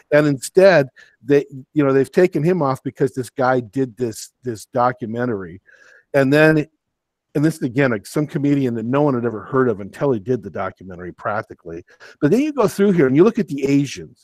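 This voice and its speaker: A man's voice: mid-range voice, a little mellow, dry recording. A man co-hosting a podcast chat, worked up and ranting emphatically. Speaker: podcast co-host. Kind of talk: casual chat.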